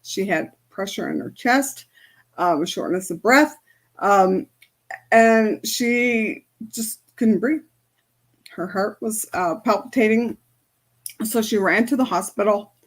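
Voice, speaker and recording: A woman who works as an energy healer, giving a casual spoken lesson on chakras and telling a story from her practice, with many fillers. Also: medium pitch.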